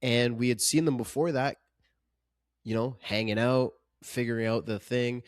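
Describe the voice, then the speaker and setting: A man in a casual film review chat, co-hosting a podcast with an earnest, emphatic delivery that trips over repeated words. His voice sits at an ordinary middle pitch. The sound is close and dry, with no room around it. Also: fairly even intonation, normal speed, clean tone, no echo. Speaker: podcast co-host.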